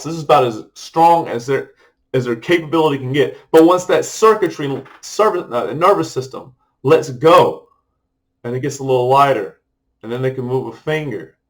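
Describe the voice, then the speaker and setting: A man's voice: on the high side, normal speed, low-quality recording. A middle-aged man talking casually to camera in a rambling personal vlog, loose and full of fillers and restarts. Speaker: vlogger.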